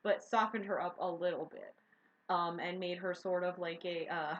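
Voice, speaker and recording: A woman's voice: lowish voice, steady tone, normal speed. Chatty woman co-host, laughs a lot, muffled stream sound. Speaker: co-owner of a role-playing stream. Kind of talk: casual chat. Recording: dull lo-fi stream audio.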